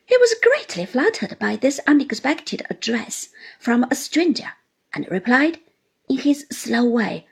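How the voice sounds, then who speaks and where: A woman reading a classic novel aloud in a measured, expressive storytelling manner. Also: fairly high pitch, gravelly, breathy edge. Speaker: audiobook reader.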